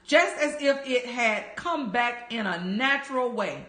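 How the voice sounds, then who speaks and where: A woman's voice: a little high, lively intonation, a little slow, bright, forceful tone. A woman doing a timid curious young girl. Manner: timid, politely questioning. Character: polite, curious young girl wandering a strange land. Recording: roomy echo.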